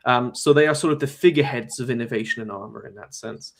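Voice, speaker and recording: A man's voice: medium pitch, quick pace. A man appearing as a guest on a casual live stream, building long thoughtful points with fillers. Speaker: guest armor expert.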